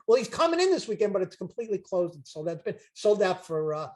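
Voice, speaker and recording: An older man, making an emphatic, repetitive, jokey sales pitch on a video call as a chiropractic seminar promoter. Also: lively intonation, quick pace, few pauses. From Brooklyn, New York.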